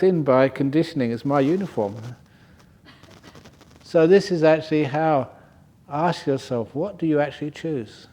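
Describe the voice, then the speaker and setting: A man's voice: medium pitch, moderate pace, darkish tone. Older man telling jokes in a Dharma talk. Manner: humorous storytelling, chuckles often. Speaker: meditation teacher. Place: retreat centre hall.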